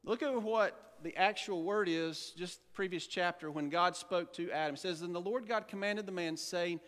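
Male pastor, sermon, high-pitched, emphatic rhetorical questions, long reverb of a church hall. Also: moderate pace, fairly bright tone. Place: church sanctuary.

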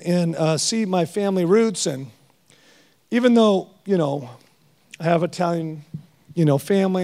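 A middle-aged man preaching a guest sermon, animated and storytelling with jokes. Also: high-pitched.

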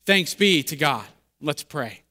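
A man's voice: a little high, very animated, slow pace, bright, forceful tone. A man preaching as a pastor, reading scripture, praying, then retelling the story in a loose, conversational way with fillers and repeated words. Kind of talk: sermon with scripture reading and prayer. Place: church sanctuary. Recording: long church reverb.

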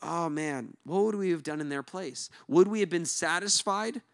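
A male pastor with a notably high voice preaches in a relaxed, talky style. He sounds animated and informal, tossing in "like" and "right?" as he goes. The sound is dry and close, with no room echo. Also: normal speed, clean tone. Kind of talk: conversational sermon.

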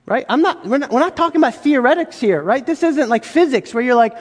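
A man preaches with a strikingly high voice, talking to his congregation casually and firing rhetorical questions at them. His voice rings out with the long reverb of a large hall. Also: lively intonation, brisk, hardly any pauses. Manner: conversational, rhetorical questions, acts out quoted voices. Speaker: pastor. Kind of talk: sermon.

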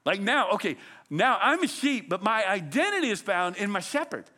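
Lively, animated man preaching. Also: normal speed. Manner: animated, conversational preaching with dramatic pitch swings. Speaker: pastor. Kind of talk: sermon.

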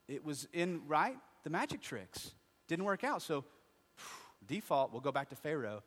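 A man preaching a sermon, asking his congregation questions and answering them himself, moving between quiet asides and loud, impassioned stretches. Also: fairly high pitch, lively intonation, moderate pace, long pauses. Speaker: pastor. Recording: long reverb of a large hall.

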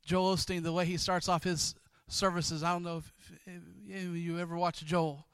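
A man pastoring a congregation, exhorting quickly and praying with many repeated words. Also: sits high, little pitch movement, fairly bright tone, clear, resonant tone, no room sound. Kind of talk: sermon and closing prayer.

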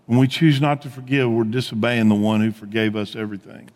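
A man preaching a sermon as pastor, telling stories in a conversational way and dropping to a hush on key points. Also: mid-range voice, a little fast, hardly any pauses, long reverb tail. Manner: conversational storytelling preacher, swings from animated to hushed.

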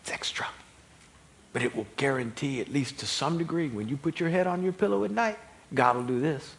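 A man preaching a sermon as pastor, building from calm teaching to loud, emphatic preaching. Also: on the high side, a little fast, vocal fry.

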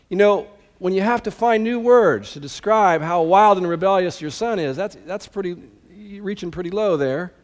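A pastor delivers a sermon with emphasis and casual asides to his listeners. His voice sits fairly high for a man. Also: moderate pace, few pauses.

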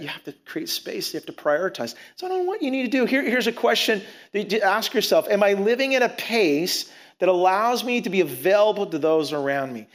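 Animated, high-voiced man preaching. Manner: animated, conversational, acts out quotes. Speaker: pastor. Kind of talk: sermon.

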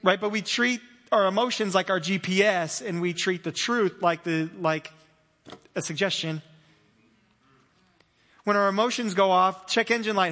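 High bright-voiced pastor in a reverberant hall. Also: male voice, normal speed, long pauses. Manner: conversational, laughing, acts out little voices. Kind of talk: sermon. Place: church.

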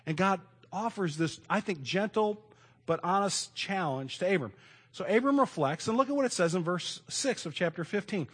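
A middle-aged man preaching a sermon in a conversational way, moving between loud emphasis and hushed asides. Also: sits high, lively intonation, normal speed, husky. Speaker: pastor.

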